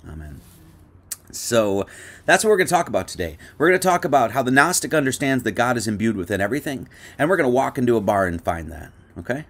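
A man's voice: medium pitch, lively intonation, fast. A man hosting an online Sunday service, talking loose and chatty, with many fillers and restarts. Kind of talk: casual spoken sermon and lecture.

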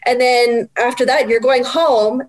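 A woman in her forties, a guest chatting casually, animated and self-deprecating with bursts of laughter. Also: fairly high pitch, a little slow. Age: 40s. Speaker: guest, book project editor. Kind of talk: casual interview chat.

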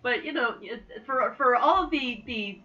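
A woman chatting on a podcast, lively and quick to laugh. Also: fairly high pitch, recorded from a distance. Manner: chatty, laughs often, animated. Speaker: podcast co-host. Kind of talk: casual group chat. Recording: dull lo-fi sound.

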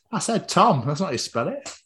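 A British man hosting a podcast, bantering casually, swearing freely and acting out little everyday scenes in quick put-on voices. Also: high-pitched, very animated, pushed and bright. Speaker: podcast host.

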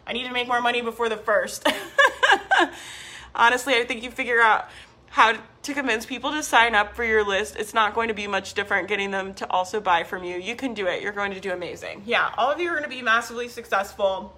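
A woman's voice: on the high side, expressive, fairly quick, sharp tone. A woman coaching business owners on a live stream, upbeat and emphatic, repeating key phrases and reading viewer comments aloud.

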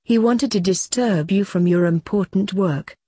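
A woman's voice: medium pitch, unhurried, warm tone, husky, no echo, clean studio sound. A woman reading the part of a stern, fussy male office assistant in a storybook tale.

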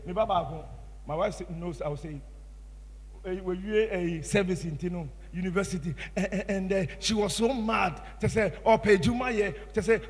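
A man with a Ghanaian English accent preaching a sermon as pastor, impassioned, swinging from hushed tones to shouts. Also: high-pitched, slightly rough, long reverb tail.

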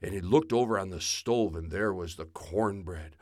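A man telling a children's story aloud in a folksy, drawn-out way. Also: low-pitched, a little mellow.

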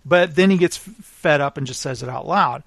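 A man with a notably high voice talks casually about a favorite movie, acting out bits of dialogue in his retelling. The sound is close and dry, with no room echo. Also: a little fast, gravelly. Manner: animated storyteller, acts out film lines.

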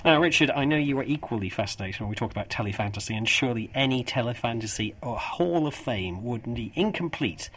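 A man's voice: mid-range voice, animated, fast talker, few pauses, fairly bright tone, breathy edge. A man hosting a radio show, chatty and jokey, who rambles and laughs often. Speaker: radio host.

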